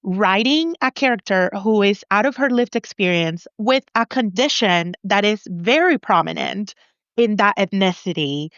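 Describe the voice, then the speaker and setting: Confident, animated woman on a dull line. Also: mid-range voice, normal speed, clean tone, no room sound. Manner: animated, confident, laughs often. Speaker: author guest. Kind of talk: casual interview chat. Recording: dull lo-fi dry sound.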